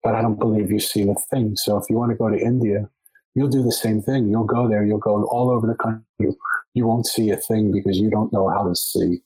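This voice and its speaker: A man's voice: fairly low pitch, flat delivery, a little fast, dark tone, husky, rough recording. A man, a podcast guest, telling a long story in conversation, often restarting and repeating words as he goes.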